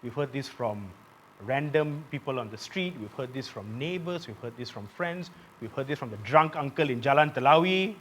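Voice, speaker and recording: A man's voice: medium pitch, expressive, normal speed, a little hiss or hum. Malaysian man hosting a satirical stand-up set. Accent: Malaysian English. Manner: punchy, shouts punchlines. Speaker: comedy show host. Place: live theatre stage. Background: audience laughter.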